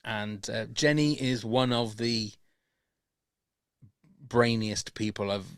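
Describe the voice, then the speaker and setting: This male podcast host speaks slowly in a fairly low, slightly bright voice that is clear and resonant. The studio recording is clean with no room sound, and his casual chat is enthusiastic and full of restarts.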